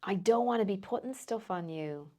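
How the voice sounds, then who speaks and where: A woman, a coach, telling personal stories in a casual podcast chat, animated and quick to laugh. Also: mid-range voice. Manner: animated storytelling, laughs often, frequent "like". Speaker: transformational coach, podcast guest.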